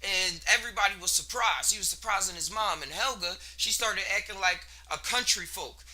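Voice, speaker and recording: High, bright-voiced man musing casually. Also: brisk. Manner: rambling, laid-back, slangy, laughs between thoughts. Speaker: podcast host. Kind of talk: casual solo monologue.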